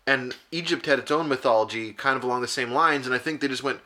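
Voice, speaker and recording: A man co-hosting a podcast in casual chat, telling rambling stories and laughing often. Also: mid-range voice. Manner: rambling storyteller, quick and animated, laughs often. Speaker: podcast co-host.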